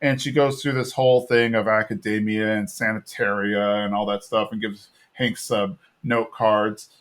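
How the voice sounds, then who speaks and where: A man's voice: lowish voice, level tone, moderate pace. A man hosting a podcast, casually recapping a cartoon episode and acting out its characters. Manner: retells scenes, acting out characters. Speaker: podcast host.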